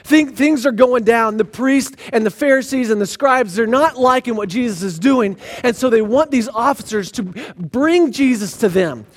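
A man preaching a sermon, retelling scripture stories in a lively way with sarcastic asides. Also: extremely high pitch, moderate pace. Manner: animated storytelling with sarcastic asides. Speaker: pastor.

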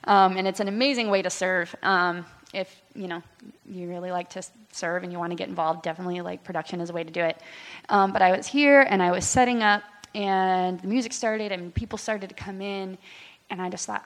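A young woman in her twenties giving a candid personal testimony in church, talking with many fillers and pauses. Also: lowish voice, steady tone. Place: church hall. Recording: long hall reverb.

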